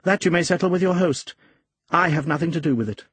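A man voicing a cold, sharp young woman. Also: fairly high pitch, quick pace, slightly rough, no room sound, pitched above the performer's own voice. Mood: curt. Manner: curt, sharp.

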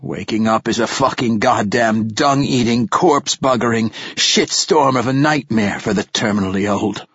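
A man voicing an ancient, foul-mouthed male poet in an audiobook, rasping and grouchy as he mumbles his curses. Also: mid-range voice, normal speed, hardly any pauses, fairly bright tone, dry recording. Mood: cranky. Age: older. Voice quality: rasping, profane grumble. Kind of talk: audiobook character voice. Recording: slightly dull audiobook recording.

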